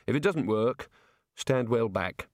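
A man's voice: mid-range voice, a little slow, dry recording, clean studio sound, lightly acted. A man doing a tipsy rambling wizard. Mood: nervous. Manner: excitable, rambling.

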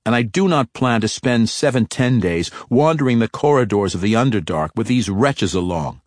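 A man voicing a ruthless, scornful male dark elf assassin in a sharp, mocking tone. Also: fairly low pitch, lively intonation, moderate pace, dry recording, clean studio sound, close to an everyday voice. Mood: disdainful.

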